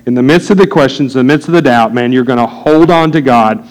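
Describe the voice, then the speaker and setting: A man preaching a sermon as pastor, earnest and building to loud, excited preaching. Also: medium pitch, fairly quick, low-quality recording.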